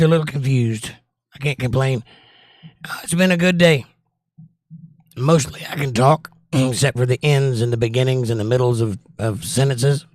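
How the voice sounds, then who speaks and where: A man's voice: mid-range voice, dry recording. A man hosting a casual livestream chat in a mid-range voice, greeting viewers and joking as he reads their comments. His voice is dry and close, with no room sound around it. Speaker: livestream show host.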